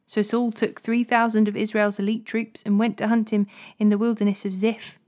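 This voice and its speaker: A woman reading Bible passages aloud as host of a daily reading series, in clear, steady narration. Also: mid-range voice, normal speed, few pauses. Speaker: Bible reader. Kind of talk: scripture reading.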